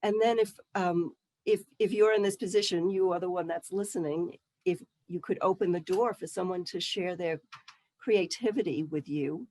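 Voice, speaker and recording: A woman facilitating a spiritual workshop, reflecting back what a participant shared and explaining the listening exercise calmly. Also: lowish voice, moderate pace, dry recording. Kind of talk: teaching through role-play.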